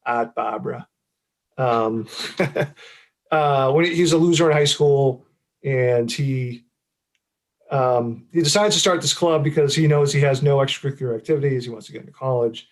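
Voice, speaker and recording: A middle-aged man speaks in an easygoing, conversational way, pitched squarely in the middle of the male range. He meanders through his thoughts, restarting phrases and scattering fillers as he goes. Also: normal speed. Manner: rambling, many fillers and restarts, laughs often. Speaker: author. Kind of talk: casual interview chat.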